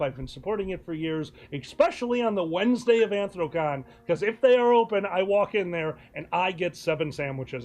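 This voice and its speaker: A man hosting a live stream, telling a funny story in an animated way and laughing often. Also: high-pitched. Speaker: streaming show host. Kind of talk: casual storytelling chat.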